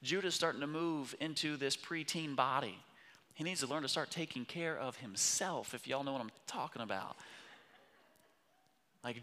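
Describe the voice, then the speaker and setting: Man, pastor, sermon, forceful bright tone, emphatic to whispered, long hall reverb. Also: mid-range voice, normal speed. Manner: impassioned, swings from loud emphatic peaks to hushed whispers.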